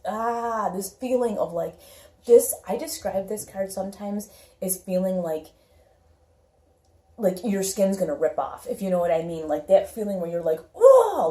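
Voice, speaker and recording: A woman's voice: on the low side, warm tone. Emphatic woman in an echoey room. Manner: emphatic, talky, acts out quoted reactions. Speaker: tarot reader. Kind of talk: casual tarot reading monologue.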